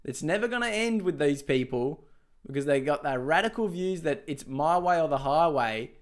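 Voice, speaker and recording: Australian bloke doing a sarcastic reaction rant at home, kinda high voice, laughs a lot. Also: male voice, lively intonation, moderate pace. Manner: sarcastic, ranting, laughs often, swears. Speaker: political commentator. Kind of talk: reaction commentary vlog. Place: home dining room, seated.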